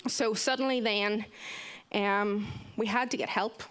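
A woman's voice: mid-range voice, measured pace, clean tone. Young woman telling a story. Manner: vivid, animated retelling with acted-out quotes. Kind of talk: personal story told to listeners.

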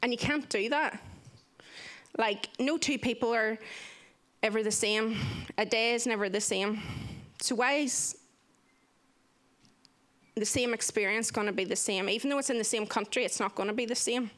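Earnest woman, slightly high voice. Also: moderate pace, long pauses. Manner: earnest and expressive, acting out quoted voices. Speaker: speaker sharing a personal testimony. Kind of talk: candid storytelling talk.

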